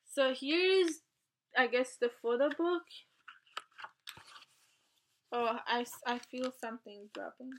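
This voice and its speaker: A woman vlogging an album unboxing, gasping and gushing with excitement as she talks her way through it. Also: sits high. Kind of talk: casual unboxing chat.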